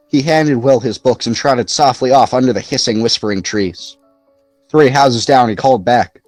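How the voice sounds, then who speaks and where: A man narrating a novel aloud in an expressive, lively storytelling manner. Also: mid-range voice, moderate pace, no echo, soft background music. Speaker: audiobook narrator. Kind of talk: scripted narration.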